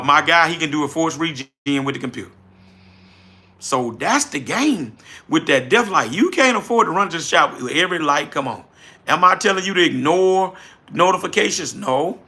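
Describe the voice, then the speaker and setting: A middle-aged trucking business owner with a New Orleans accent hosts a casual livestream, speaking directly to his viewers. His voice is very bright and slightly high, and his delivery is folksy and animated.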